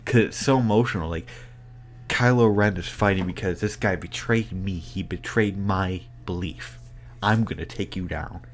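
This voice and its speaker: A man giving a casual spoken movie review, excited and rambling with many filler words. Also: low-pitched, moderate pace, a little hiss or hum.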